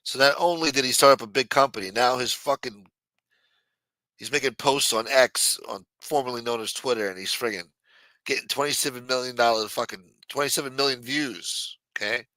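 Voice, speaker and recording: A man's voice: medium pitch, brisk, bright, forceful tone, dry recording. A man hosting a late-night livestream, chatting casually and profanely while reading viewer messages. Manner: loose, profane, jokey banter reading viewer chats. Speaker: livestream show host.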